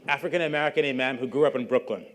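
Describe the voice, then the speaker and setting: A man's voice: mid-range voice, quick pace, vocal fry. A middle-aged man giving a public lecture, telling a story in a conversational way and briefly acting out the people he quotes. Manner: conversational, acts out quoted voices. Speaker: guest lecturer.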